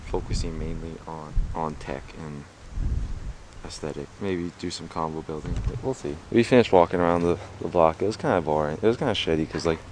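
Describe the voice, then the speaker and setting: Young male vlogger, very low voice, loose rambling delivery full of swearing, faint noise behind. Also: brisk. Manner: rambling, profane, filler-heavy. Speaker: martial arts tricking vlogger. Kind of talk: casual rambling vlog. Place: outdoors.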